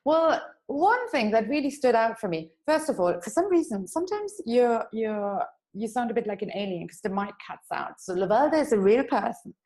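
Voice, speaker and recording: Woman host for a chatty interview podcast, bubbly, quick to laugh, excited about her guest. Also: a little high, low-quality recording. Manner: bubbly and enthusiastic, laughs easily.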